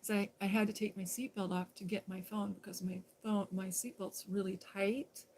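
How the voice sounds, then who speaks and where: A woman's voice: medium pitch, little pitch movement, moderate pace, darkish tone, slight background noise, rough recording. A woman casually telling a personal story on a live stream, rambling and conversational with lots of fillers and restarts.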